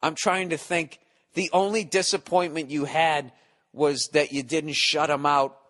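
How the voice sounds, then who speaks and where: A man's voice: a little high, fairly even intonation, unhurried, a bit bright. A man in his forties hosting a podcast, ranting casually with lots of profanity and rambling restarts. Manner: profane, rambling, mock-exasperated. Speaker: podcast host. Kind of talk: casual comedic rant.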